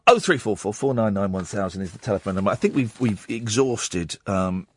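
A man hosting a late-night radio phone-in, rambling and excitable, mocking himself. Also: lowish voice, a little fast, slight background noise. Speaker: radio presenter. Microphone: studio microphone.

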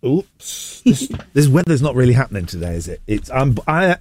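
Goofy radio host, animated voice. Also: male voice, medium pitch, moderate pace, a little hiss or hum. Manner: goofy, teasing, slips into silly voices. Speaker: radio breakfast show host. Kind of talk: playful studio banter. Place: radio studio. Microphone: studio microphone.

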